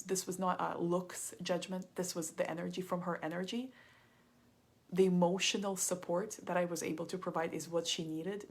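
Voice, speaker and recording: A woman leads a live masterclass and tells a personal story in a loose, chatty way. Her voice sits on the low side for a woman and has a husky, breathy edge. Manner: chatty, frequent "like" and "kinda". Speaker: business coach.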